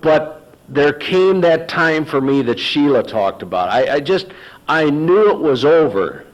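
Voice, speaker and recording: A man's voice: on the high side, big pitch swings, unhurried, highs cut off. Middle-aged man, folksy storyteller, quotes dialogue. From Texas. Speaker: recovery meeting speaker. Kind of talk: personal story told to an audience.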